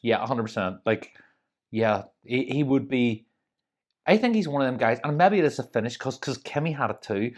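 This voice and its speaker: A woman's voice: rumbling low, expressive, moderate pace, darkish tone. A woman co-hosting a podcast, telling stories in a chatty way with many asides. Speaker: podcast co-host. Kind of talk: casual chat.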